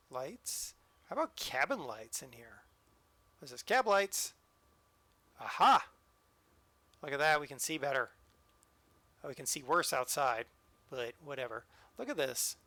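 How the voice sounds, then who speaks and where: Male streamer, bright and slightly high voice, dry close sound, playful running commentary. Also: dry recording. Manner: joking, talks to the train. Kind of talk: live-stream gameplay commentary.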